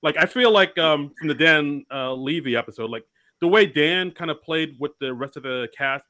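Podcast co-host, male, eager and upbeat, bright tone. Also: fairly high pitch, moderate pace. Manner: enthusiastic, excitable. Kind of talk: casual chat.

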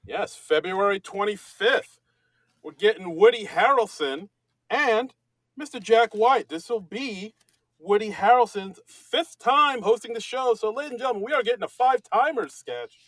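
A man's voice: sits high, animated, moderate pace, fairly bright tone, no room sound. A man co-hosting a comedy podcast in casual chat, rambling and self-mocking with many restarts. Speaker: podcast co-host.

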